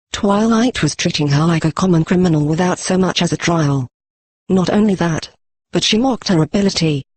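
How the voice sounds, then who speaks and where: Brief: male text-to-speech storyteller, a little high and husky, dry close sound. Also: no room sound. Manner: even, machine-read delivery. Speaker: narrator. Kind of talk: synthetic audiobook narration.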